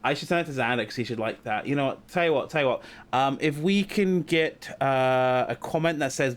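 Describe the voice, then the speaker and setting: A man's voice: mid-range voice, a little fast. Meandering young podcast man. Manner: meandering, lots of ums, laughing asides. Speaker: podcast co-host. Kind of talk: casual comedic chat.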